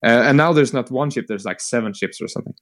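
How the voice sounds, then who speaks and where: A man casually retelling a long war story, rambling with fillers, swearing and quick acted-out quotes. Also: medium pitch, a bit bright. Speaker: podcast co-host retelling lore. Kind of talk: casual chat.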